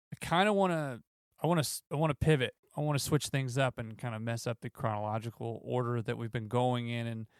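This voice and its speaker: A man hosting a podcast, asking relaxed, rambling questions with plenty of "kinda" and "you know". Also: medium pitch, clear, resonant tone, no room sound, clean studio sound. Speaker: podcast host. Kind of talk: conversational interview questions.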